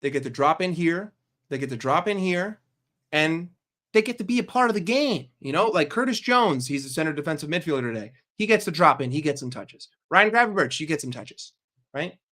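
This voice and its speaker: A man's voice: a little high, lively intonation, brisk, fairly bright tone. A man hosting a football fan channel, giving a heated, profane and sarcastic rant. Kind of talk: casual ranting commentary.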